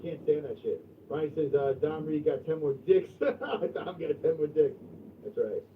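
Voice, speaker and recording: A man hosting a livestream in casual chat, crude and profane, going from mumbling to loud outbursts. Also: a little high, animated, unhurried, far from the mic, slight background noise. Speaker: livestream host. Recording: tinny phone-like sound from off mic.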